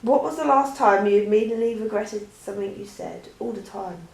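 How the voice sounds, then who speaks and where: A woman's voice: medium pitch, fairly quick, gravelly, a little mellow, echoey room, rough recording. A woman answering questions in a chatty, rambling way, with many restarts. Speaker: vlogger. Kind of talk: casual Q&A chat.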